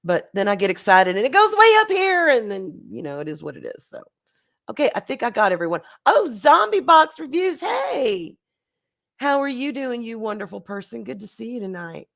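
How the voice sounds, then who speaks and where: A woman hosting a casual livestream, hoarse and congested from a recent flu, chatty and laughing as she greets her chat. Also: fairly high pitch, very animated, normal speed. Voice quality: nasal, congested. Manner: chatty, laughing, swings between loud bursts and quiet asides. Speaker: livestream host. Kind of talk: casual chat reading live chat.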